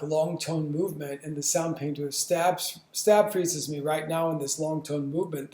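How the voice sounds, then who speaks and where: Animated man teaching in an echoey room. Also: a little high. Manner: demonstrative, acts out sounds and movements; stammering restarts, animated emphasis. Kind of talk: instructional lesson.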